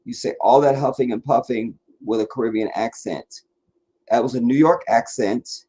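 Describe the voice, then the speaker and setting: A man hosting a live stream and answering viewers' comments, talking bluntly and emphatically, dropping to low mutters and rising to insistent points. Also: moderate pace, mellow, husky. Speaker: livestream host answering chat. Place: sitting in front of a camera for a live stream.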